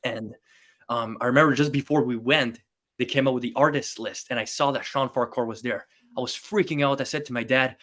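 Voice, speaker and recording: A young man in his late teens with a French accent, speaking English as a later language. He tells stories in an animated way with plenty of fillers, at a middle pitch, as a podcast guest. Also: fairly quick. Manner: animated storyteller, many fillers. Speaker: guest magician. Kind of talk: podcast interview.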